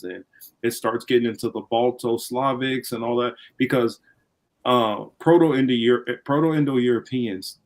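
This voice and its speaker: A man's voice: medium pitch, rough recording. A man hosting a casual livestream, rambling and blunt, swearing freely as he talks through history. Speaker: livestream host.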